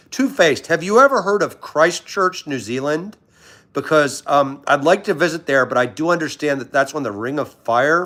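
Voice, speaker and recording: A man's slightly high, somewhat bright voice carries his casual livestream, hosted from home in pajamas. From Washington, D.C., he rambles amiably and greets his viewers by name.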